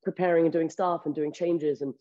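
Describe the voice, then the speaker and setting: A woman with a lowish, mellow voice, speaking quickly and candidly as an actress in a casual interview. She swears casually along the way. The audio is dull and lo-fi. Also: steady tone.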